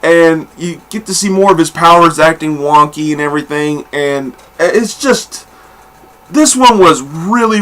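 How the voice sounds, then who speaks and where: Male comic reviewer, slightly high and bright, candid and profane, lots of fillers. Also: measured pace. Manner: blunt and candid, swears freely; rambling with many fillers and restarts. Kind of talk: casual review monologue.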